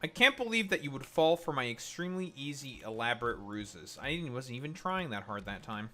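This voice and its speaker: A man's voice: medium pitch, big pitch swings, brisk, a bit bright, faint music behind. A man streaming in casual chat, teasing and swearing freely. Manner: crude, teasing, swears a lot.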